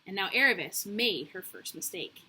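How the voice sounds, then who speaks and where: A young adult woman reading a chapter book aloud in a relaxed, casual way, with slips and self-corrections. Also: mid-range voice, normal speed, breathy edge. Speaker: reader. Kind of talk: casual read-aloud for children.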